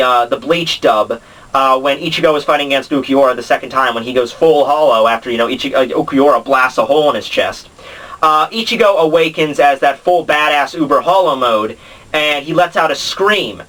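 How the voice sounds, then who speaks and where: A man's voice: on the high side, bright, forceful tone. A young man casually explaining anime dubbing, rambling with many fillers and restarts. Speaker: anime commentary vlogger. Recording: voice a bit distant from the mic.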